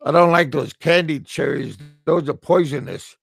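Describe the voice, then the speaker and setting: A man's voice: a little high, normal speed, creaky, fairly bright tone, husky, dry recording. A middle-aged American man vlogging, rambling through a humorous monologue, stammering and repeating his words with frequent chuckles. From United States. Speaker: expat vlogger.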